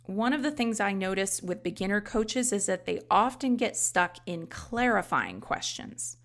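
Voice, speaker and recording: A woman talks through lessons in an instructional podcast, conversational and explanatory. Her voice has a gravelly, fry-tinged edge at a middle pitch. She often drops in casual asides as she teaches. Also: very animated, normal speed. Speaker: life coach trainer and podcast host.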